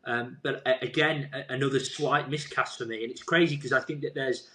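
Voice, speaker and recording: Guy guest on a podcast, mid-pitch voice, opinionated and emphatic, trips on words sometimes. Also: fairly even intonation, brisk, pushed and bright. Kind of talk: casual film review chat.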